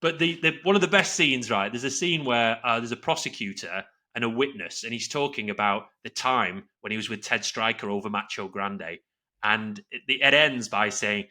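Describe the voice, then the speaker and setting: A man's voice: medium pitch, normal speed, pushed and bright. A man in his forties co-hosting a podcast, chatting casually and rambling with many restarts. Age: 40s. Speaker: podcast co-host. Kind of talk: casual chat.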